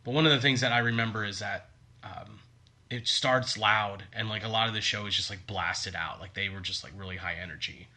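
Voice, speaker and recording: A man's voice: on the low side, a little fast, bright, forceful tone. A man co-hosting a fan podcast, talking in an easygoing, agreeable way with "um" and "like" fillers. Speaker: podcast co-host. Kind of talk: casual fan podcast chat.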